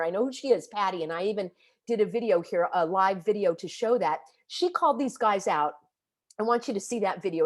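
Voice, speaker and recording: A woman vlogger ranting to camera, upset and agitated, scolding and calling people out with emphatic indignation. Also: on the high side. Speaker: vlogger and activist. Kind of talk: impassioned direct-to-camera rant.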